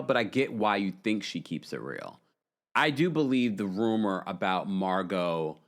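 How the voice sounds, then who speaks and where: Brief: playful male host chatting live, pitch swinging widely, reading out comments. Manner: animated and playful, often laughing. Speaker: host of a live reality-TV chat stream. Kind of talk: casual live-stream chat reading viewer comments.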